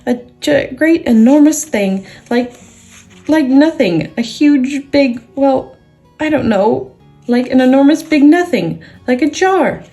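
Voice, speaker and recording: A woman voicing a timid small male piglet, with high, squeaky, stammering cries. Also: lively intonation, slow, warm tone, soft background music, heavily acted. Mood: breathless.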